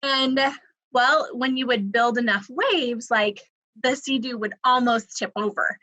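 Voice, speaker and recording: A woman's voice: fairly high pitch, a little slow, sharp tone, no room sound, low-quality recording. A young woman from the American South, telling a funny personal story in a chatty way, full of "like" and laughing as she goes. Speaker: creative writing coordinator. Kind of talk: casual storytelling.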